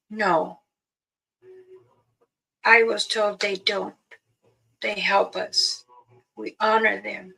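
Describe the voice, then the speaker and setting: A woman slowly telling a first-person story, halting and pausing often. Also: mid-range voice, level tone, gravelly, bright, forceful tone, breathy edge, rough recording. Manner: slow, halting, with long pauses.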